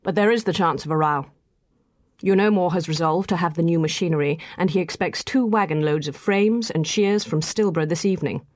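A woman's voice: lowish voice, fairly quick, no echo, clean studio sound, natural voice. A woman reading the part of a stern middle-aged clergyman who talks brusquely, like an officer chiding his men. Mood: commanding.

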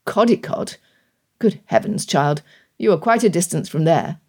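A woman voicing a weary aristocratic gentleman in an audiobook, speaking in a clipped, impatient way. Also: on the low side, lively intonation, unhurried, slightly rough, heavily acted.

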